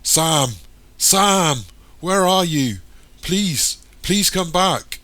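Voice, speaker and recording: A man's voice: medium pitch, moderate pace, a bit bright, natural voice. A man voicing a distraught young man who pleads and frets over a missing friend. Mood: desperate shouting. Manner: strained, pleading.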